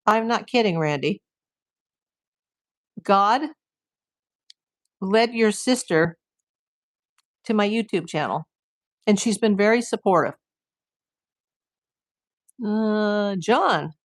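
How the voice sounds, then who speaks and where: A woman's voice: medium pitch, takes it slowly, pauses often. A woman streaming live from home, chatting casually with her viewers and rambling with lots of "like".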